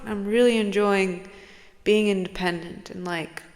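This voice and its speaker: A woman's voice: deep voice, unhurried, fairly bright tone. Rambling, profane woman in a reverberant room. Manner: rambling, profane, playful, drifts into whispers. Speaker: spiritual channeler vlogger. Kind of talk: casual personal vlog. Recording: long hall-like reverb.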